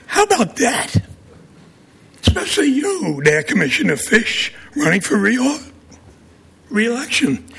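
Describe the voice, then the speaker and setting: A man's voice: high voice, creaky, fairly bright tone, breathy edge. A man with a Brooklyn accent giving blunt, combative public testimony at a city council meeting.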